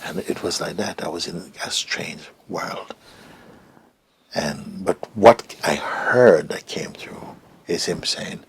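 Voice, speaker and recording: A man's voice: low-pitched, animated, a little slow, gravelly, slightly rough. A middle-aged man recounting a personal story as an interview guest, reflective and hesitant, sometimes dropping to a whisper. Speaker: interview guest, spiritual teacher.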